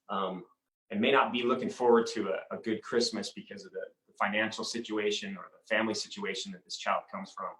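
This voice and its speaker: A man giving an inspirational talk, telling a personal story in an earnest, halting way with many repeated words. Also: lowish voice, a bit bright. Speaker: inspirational speaker. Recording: roomy echo.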